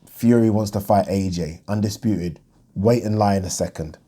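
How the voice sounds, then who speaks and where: A man's voice: lowish voice, moderate pace, mellow, husky. A man hosting his own boxing channel, chatting bluntly about the news and thinking aloud with plenty of ums. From United Kingdom. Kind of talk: casual solo commentary on boxing news.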